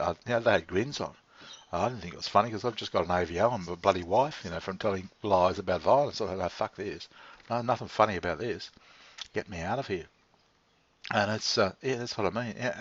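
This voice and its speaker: This vlog host has a deep voice with a fairly bright tone and an Australian accent. His talk is rambling and casual, full of laughter and free swearing, heard through a dull lo-fi recording.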